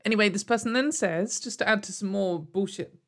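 A woman's voice: mid-range voice, a little fast. Sarcastic woman, rambling commentary. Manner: sarcastic, laughing, rambling with many fillers. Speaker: YouTuber. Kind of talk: casual commentary vlog. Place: at home in front of a camera.

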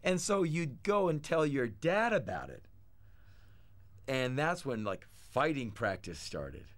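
A man in his thirties from the United States tells his childhood stories bluntly in an interview. His delivery is animated, and he acts out the voices of the people he quotes. His voice sits at an ordinary middle pitch. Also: slow. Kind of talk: candid storytelling interview.

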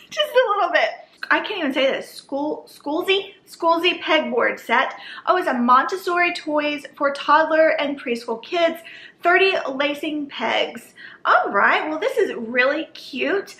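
A woman's voice: high-pitched, sharp tone. A woman in her thirties chatting casually as a vlogger, upbeat, with laughs and asides. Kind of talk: casual chat. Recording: echoey room.

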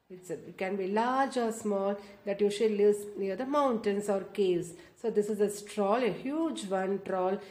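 A woman reads a children's story aloud at a mid pitch. She goes slowly, explains each picture and keeps asking the young listeners questions. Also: a little mellow.

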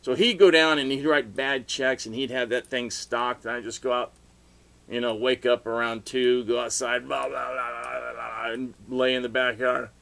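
A middle-aged man rambling through a story for his video blog, with sudden loud outbursts and laughter along the way. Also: medium pitch, fairly even intonation, normal speed, creaky. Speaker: vlogger telling stories.

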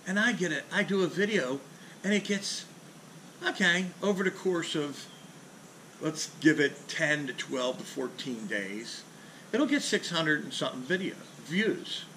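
A man's voice: a little high, animated, measured pace, pushed and bright. Blunt, profane man ranting outdoors. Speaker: fishing charter captain and channel host. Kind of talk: casual ranting vlog. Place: outdoors in a driveway under a carport. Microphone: camera mounted on the back of a boat. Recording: outdoor camera audio with clear ambient noise.

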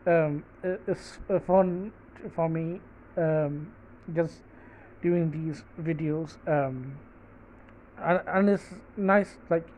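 A podcast host giving a casual solo review, talking haltingly with many fillers and restarts. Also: medium pitch, a little mellow, a little hiss or hum. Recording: tinny phone-like recording.

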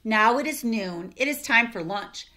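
A woman reading a picture book aloud for children, expressive, with asides to her listeners. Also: on the high side, measured pace. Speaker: storytime reader.

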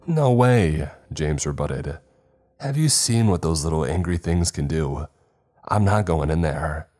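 A man voicing a panicking young male crewman in a hazmat suit, frantic and high-strung. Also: lively intonation, a little slow, a little mellow, faint music behind, exaggerated voice. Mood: defiant.

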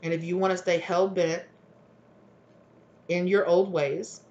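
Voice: medium pitch, little pitch movement, a little slow, darkish tone, highs cut off. A tarot reader giving a solo reading to camera, rambling with many fillers and restarts and acting out both sides of imagined arguments. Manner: rambling, acts out dialogue of both partners.

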